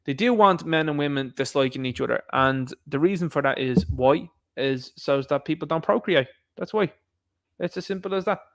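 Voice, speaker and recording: Male podcast host, ranting commentary, somewhat high voice, mocking tone. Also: moderate pace, gravelly. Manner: ranting, mocking, acts out quotes. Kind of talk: opinion commentary monologue.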